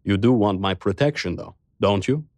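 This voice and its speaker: A man's voice: lowish voice, moderate pace, a little mellow, no echo, lightly acted. A man voicing a rich and powerful madman who speaks sternly and scoldingly, with fear underneath. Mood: cool.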